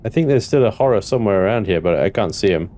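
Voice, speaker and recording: A man narrating his own gameplay, excitable and talking to himself, swearing now and then. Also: fairly low pitch, fast, a little hiss or hum. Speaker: gameplay commentator. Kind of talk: let's play commentary.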